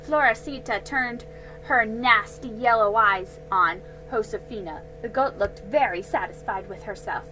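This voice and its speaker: High, bright woman reading a storybook. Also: faint music behind, low-quality recording. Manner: slow, careful reading with small slips and self-corrections. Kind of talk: storybook read-aloud.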